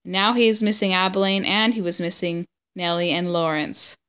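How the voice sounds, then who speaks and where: A woman reading a children's chapter book aloud, with steady, even storytelling. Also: on the low side, normal speed, clear, resonant tone. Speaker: story reader.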